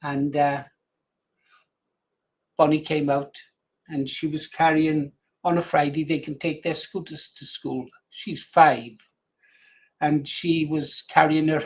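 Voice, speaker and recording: A man's voice: fairly high pitch, level tone, measured pace, pauses often. An older man presenting a radio show, chatting in a rambling, anecdotal way with frequent chuckles. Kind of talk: casual radio chat.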